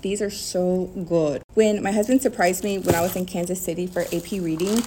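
A woman's voice: lowish voice, fairly even intonation, fairly quick, mellow, slight background noise. A young woman teacher chatting casually to her phone camera, bubbly and giggly. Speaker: teacher and vlogger.

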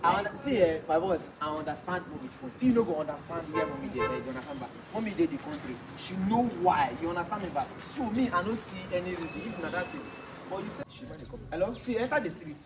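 A man's voice: high-pitched, expressive, fast talker. A man with a Nigerian accent filming a street prank video, pleading and apologizing as he delivers a package. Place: outdoors on a street. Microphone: handheld camera. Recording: distant voice over loud street noise.

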